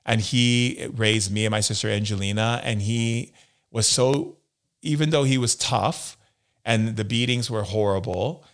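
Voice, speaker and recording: A man's voice: on the low side, measured pace. A man, a guest in an interview, earnestly telling personal stories and acting out what other people said. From United States. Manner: earnest storyteller who acts out other people's words. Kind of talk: personal storytelling in a sit-down interview.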